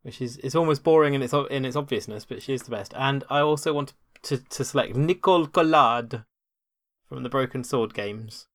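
Male podcast co-host, mid-pitched, eager, talks in rambling restarts. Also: fairly quick, few pauses, dry recording. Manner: enthusiastic, self-deprecating, rambling with restarts. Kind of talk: casual podcast chat.

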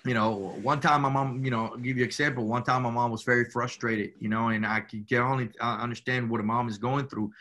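Bright-voiced Cuban-born man telling his story. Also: mid-range voice, steady tone, fast, hardly any pauses. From Cuba. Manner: rambling, peppers speech with "you know" and "man". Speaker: guest. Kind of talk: casual storytelling.

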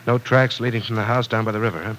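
A man's voice: medium pitch, fairly even intonation, quick pace, a bit bright, natural voice, poor audio. An actor playing a businessman anxious for news of a kidnapping in a 1940s radio drama. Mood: concerned.

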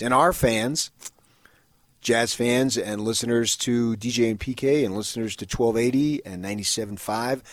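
A man's voice: mid-range voice, no echo. A man co-hosting a morning sports radio show, talking in an emphatic, casual way and often repeating words as he starts a thought.

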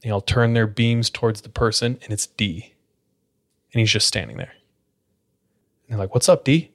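A man with a somewhat low voice tells a story on his podcast. He keeps it loose and casual, peppering the telling with "like" and quick restarts. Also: steady tone, a bit bright. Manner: casual, filler-heavy retelling with frequent "like". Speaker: podcast host.

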